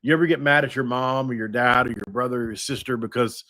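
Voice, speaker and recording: A man's voice: mid-range voice, steady tone, quick pace, bright, forceful tone, dry recording. Rambling man, dry close podcast mic. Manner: rambling, thinks aloud with frequent restarts. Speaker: podcast host. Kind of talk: casual sports podcast talk.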